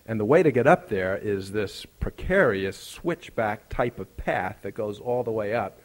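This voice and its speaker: A male preacher telling a personal story in a conversational sermon, building up to emphatic, rising lines. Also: lowish voice.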